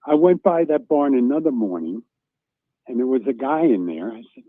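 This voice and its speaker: A man, a former racing reporter, telling a lively story as a guest on a talk show and acting out the shouts he remembers. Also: medium pitch, moderate pace, no echo. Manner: animated anecdotal storytelling, acts out shouts. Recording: dry tinny phone line.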